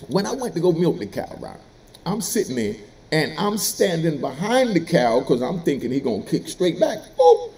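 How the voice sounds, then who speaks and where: A middle-aged man tells prison stories in a loose, streetwise monologue. His gravelly voice swings widely up and down and sits a little higher than most men's, and he often breaks into laughter mid-story. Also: moderate pace. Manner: animated, streetwise, laughs while telling. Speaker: former prisoner telling stories.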